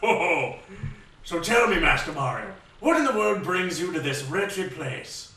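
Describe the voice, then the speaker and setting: A man putting on a sly, theatrical video game character with a high, sharply bright voice that leaps all over the place. Each line comes out hammy and drawn out. The sound is distant and very echoey. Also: very animated, heavily acted. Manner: hammy, drawn-out, mock-grand delivery. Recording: very echoey room, distant mic.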